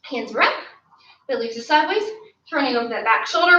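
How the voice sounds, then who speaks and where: Upbeat woman coaching kicks, bright. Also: high-pitched, big pitch swings, a little fast. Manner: upbeat, coaching, counts reps aloud. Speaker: martial arts instructor. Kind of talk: online class instruction. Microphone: camera mic from a distance. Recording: roomy, distant, dull lo-fi sound.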